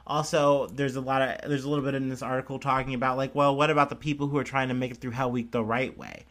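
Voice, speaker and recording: A man's voice: medium pitch, little pitch movement, quick pace, a bit bright. A young man hosting a podcast, chatting loosely about news stories, swearing casually and laughing at himself. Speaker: podcast host.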